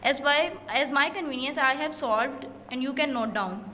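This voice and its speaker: A woman with a Pakistani English accent teaching an English lesson, reading example sentences slowly and explaining in Hindi-Urdu. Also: high voice, bright, forceful tone. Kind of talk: recorded classroom lesson explaining exercises. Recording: echoey room, faint noise.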